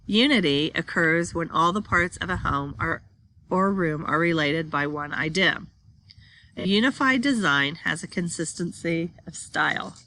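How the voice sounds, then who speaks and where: A woman's voice: on the low side, lively intonation, unhurried, pushed and bright. A woman teaching a class, reading slide text aloud and then explaining it while pointing at pictures.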